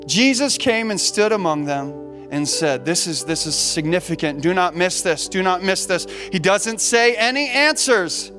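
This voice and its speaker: A man's voice: high-pitched, lively intonation, normal speed, hardly any pauses, over music. A man preaching a sermon as a pastor, impassioned, repeating words as he builds to emphasis. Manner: impassioned, repeats words, voices the disciples' despair.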